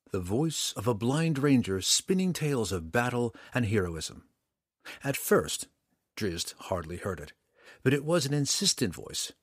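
A man narrating a fantasy audiobook in an expressive, dramatic storytelling manner. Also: mid-range voice, breathy edge, no room sound, studio quality.

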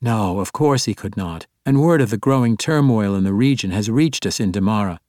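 A man's voice: lowish voice, animated, brisk, a little mellow, dry recording, clean studio sound, lightly acted. A man voicing an earnest, exuberant male monk who speaks formally and courteously in an audiobook.

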